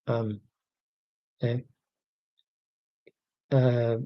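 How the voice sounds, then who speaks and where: A man's voice: on the high side, sing-song, slow pace, pauses often, a little mellow, no echo, dull audio. Wry, rambling man in his forties. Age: 40s. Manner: rambling, wry and self-mocking, with many fillers and restarts. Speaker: livestream host reading viewer comments. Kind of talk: casual livestream chat.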